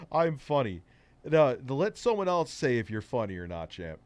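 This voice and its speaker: A man's voice: mid-range voice, smooth, dry recording. A man hosting an online show, giving casual, sarcastic commentary on clips. He sounds exasperated and swears freely. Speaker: host.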